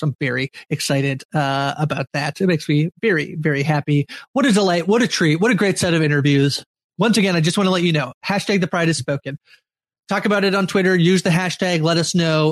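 Enthusiastic guy podcast host, higher voice, dry close sound. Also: no echo. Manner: upbeat and enthusiastic. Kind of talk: podcast wrap-up announcements.

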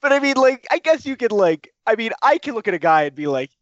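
Quick, halting man on a dull mic. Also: very high voice, sing-song, no room sound. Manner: halting, repeats words. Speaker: podcast co-host. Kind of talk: casual film discussion.

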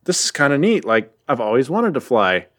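A man's voice: medium pitch, very animated, a little fast, fairly bright tone. A man voicing a scared young mortal woman in a casual recap. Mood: nervous.

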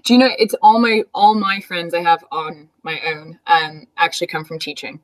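A young woman from Canada chats freely as an interview guest, talking through her teaching life. Her voice sits a little low for a woman. She fills pauses with "um" and breaks into quick laughs. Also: low-quality recording. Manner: chatty, laughs often, many fillers. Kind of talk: casual conversational interview.

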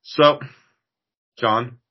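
A man's voice: extremely slow, lo-fi sound. A man from Washington hosting a podcast, chatting casually and rambling a little with many fillers. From Washington, United States. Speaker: podcast host. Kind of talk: casual interview chat.

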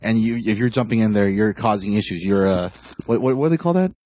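A man chatting casually on a podcast, halting and rephrasing as he reasons things through. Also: on the low side, darkish tone. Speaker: podcast co-host. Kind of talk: casual chat.

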